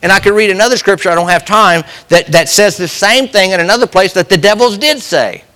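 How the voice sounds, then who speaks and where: A man's voice: sits high, brisk, pushed and bright. A man preaching a sermon with passion, putting rhetorical questions to the congregation. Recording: long hall reverb.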